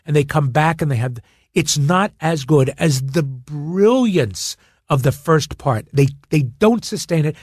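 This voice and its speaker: Rambling excitable middle-aged man. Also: on the high side, a little slow, no room sound, studio quality. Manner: rambling, excitable, shouts out quoted lines. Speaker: guest. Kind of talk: casual chat, storytelling.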